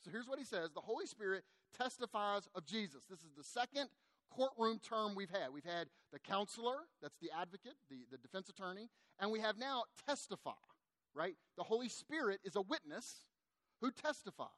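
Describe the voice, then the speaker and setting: A middle-aged man, a pastor, preaching a sermon in a conversational, animated way and speaking directly to his congregation. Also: high-pitched, moderate pace, no room sound.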